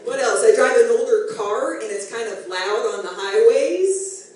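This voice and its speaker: A middle-aged woman performing a self-deprecating stand-up comedy set, chatty with animated asides. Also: a little high, normal speed. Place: comedy club stage, live audience. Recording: echoey room, distant, faint ambience.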